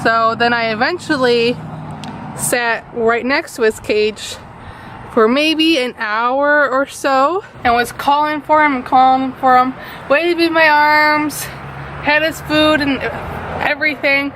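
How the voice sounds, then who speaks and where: A young woman with a high voice tells a personal story at an unhurried pace, building it up with dramatic questions. She records on a handheld camera around her home and yard, with faint outdoor sound and a car passing now and then. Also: noisy background. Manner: animated, dramatic retelling with rhetorical questions. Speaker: vlogger. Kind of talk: storytelling vlog.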